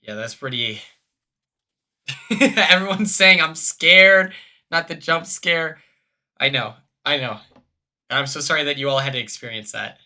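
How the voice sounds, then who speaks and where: Young male streamer, bright and tense tone, chatty and jokey, earbud mic. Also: mid-range voice, a little slow, long pauses. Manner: chatty, laughing, joking with chat. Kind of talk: casual gaming stream chat.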